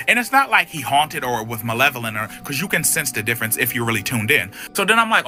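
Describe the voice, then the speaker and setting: A man's voice: mid-range voice, sing-song, a little fast, sharp tone, faint music behind. A man telling a spooky personal story in a sassy, profane, dramatic way. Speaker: storyteller in a clip. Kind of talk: animated story time.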